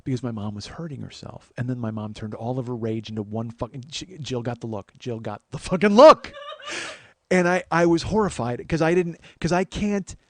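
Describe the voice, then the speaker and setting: A man's voice: mid-range voice, a little fast. A man hosting a podcast, telling a personal story in a profane, emphatic way with frequent restarts. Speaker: podcast host.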